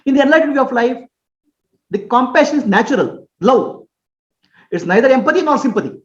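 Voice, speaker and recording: A man's voice: very high-pitched, animated, fairly quick. A man teaching as a spiritual teacher in a question-and-answer talk, explaining with homely examples, checking that listeners understand and chuckling often. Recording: roomy, dull lo-fi recording.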